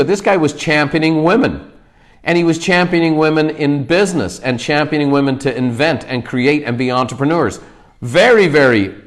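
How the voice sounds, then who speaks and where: A man delivering an emphatic motivational talk to his company over a livestream. He drives each point home and keeps checking in with a quick "okay?" before pressing on. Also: medium pitch. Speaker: company leader giving a book talk.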